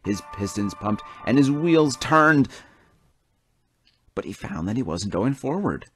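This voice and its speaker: A man narrating a toy train story in an animated storybook manner. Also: medium pitch, a little slow, faint music behind.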